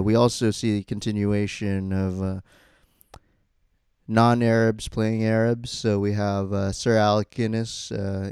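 A man's voice: on the low side, clean tone, no echo, clean studio sound. A man co-hosting a casual chat, easygoing, with wry asides and frequent laughter.

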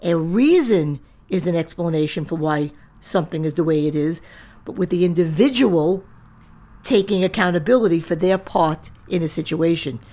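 A middle-aged woman with a somewhat low voice hosts her own solo podcast. She speaks firmly and directly, in a lecturing tone. Her delivery stays steady and plain, as if giving straight advice to her listeners. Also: normal speed. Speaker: podcast host and diet center owner.

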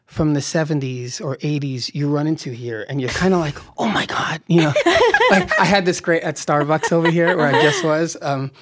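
A man's voice: fairly high pitch, very animated, moderate pace, a bit bright. A man talking as a guest writer-director in a casual interview, rambling and laughing often.

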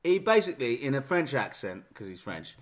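A man's voice: medium pitch, very animated, fairly quick. A man co-hosting a casual chat about strange records, wry and jokey. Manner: wry, jokey, acts out voices mockingly. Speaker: radio show co-host.

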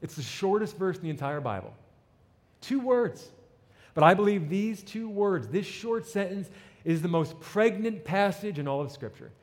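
A man's voice: a little high, a little mellow. A man preaching a sermon, telling a story dramatically and acting out its voices, building to emphatic peaks. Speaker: pastor. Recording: long hall reverb.

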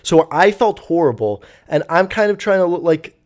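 A man's voice: fairly high pitch, animated, moderate pace. A young man telling a story casually, rambling and swearing with lots of fillers. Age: young adult. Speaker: vlogger.

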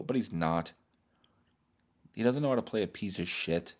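A comedian and podcast host talking alone, rambling in a profane, self-deprecating way. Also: male voice, lowish voice, normal speed. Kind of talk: solo podcast monologue.

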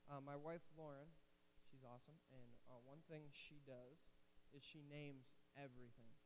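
A man's voice: mid-range voice, normal speed, low-quality recording. A man in his late twenties giving a casual sermon as a youth pastor, telling stories and cracking jokes along the way. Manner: animated storytelling with asides and jokes. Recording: faint hiss.

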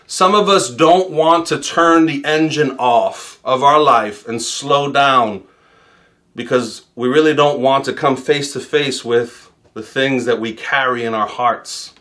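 A man's voice: mid-range voice, takes it slowly, sharp tone. A man from New York in his thirties, preaching a sermon and mixing in funny personal stories. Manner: storytelling with humor, quoting himself. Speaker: pastor.

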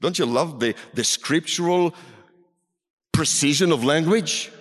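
A man preaching a sermon in a large hall, dramatic, swinging from loud calls down to near whispers. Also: on the high side, a little slow. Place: large hall with a seated audience. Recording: reverberant hall.

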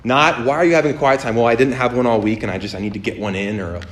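A man preaching on a podcast, telling stories with lively acted-out voices and many fillers. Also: very fast, roomy sound. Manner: animated storytelling, acts out voices with big pitch jumps. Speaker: pastor. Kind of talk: sermon on a podcast.

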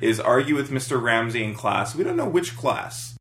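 A man co-hosting a podcast, recapping a TV episode in a relaxed, filler-heavy way. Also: medium pitch, moderate pace, slight background noise. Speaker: podcast co-host. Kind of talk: casual chat recapping a TV episode.

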